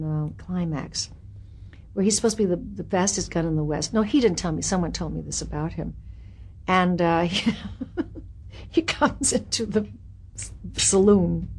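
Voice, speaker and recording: Older actress telling lively backstage stories. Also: female voice, on the low side, moderate pace, pauses often, a little hiss or hum. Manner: animated and self-mocking, laughs at her own stories. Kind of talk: anecdotal interview storytelling.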